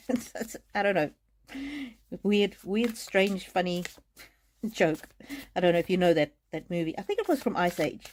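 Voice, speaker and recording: Lady doing a live card reading on stream, kinda low voice, soft and halting, laughs a lot. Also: expressive, a little hiss or hum. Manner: gentle, halting, emotional, laughs often. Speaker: tarot and oracle card reader. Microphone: streaming mic.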